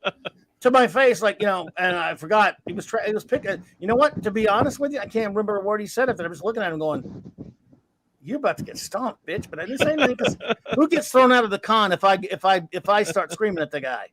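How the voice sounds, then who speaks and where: A man in his fifties with a rather high voice, hosting a laid-back podcast. He rambles through stories with blunt, crude humor. A faint hiss sits under his voice. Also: animated, fast, fairly bright tone, poor audio. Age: 50s. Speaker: podcast host. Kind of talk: casual chat.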